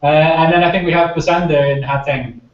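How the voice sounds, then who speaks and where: A man's voice: a little high, steady tone, a little fast. A man hosting an online science panel on a video call, friendly and prompting speakers in turn. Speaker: panel moderator. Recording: echoey, distant, dull lo-fi call audio.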